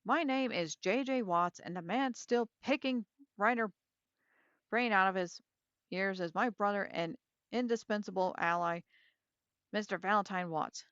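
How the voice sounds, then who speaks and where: Cocky young ghost hunter guy, as a woman reads him, dramatic, slightly raised pitch, dull audio. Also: a little slow, a bit bright, clear, resonant tone, no echo, close to an everyday voice. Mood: boastful. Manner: boastful, dramatic.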